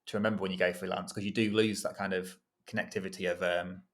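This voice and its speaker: A man speaks in a low, fairly flat voice. He is a podcast guest chatting casually and self-deprecatingly about his freelance work, laughing easily along the way. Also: fast talker.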